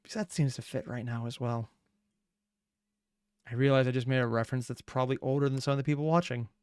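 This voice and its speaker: A man hosting a reaction video, chatting casually with rambling, excitable asides. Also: mid-range voice, fast, clear, resonant tone, no echo, clean studio sound. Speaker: reaction channel host.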